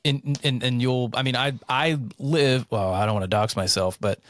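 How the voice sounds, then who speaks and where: A man in his thirties from central North Carolina, co-hosting a casual podcast chat, rambling and swearing with animated bursts. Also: mid-range voice, moderate pace, no room sound. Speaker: podcast co-host.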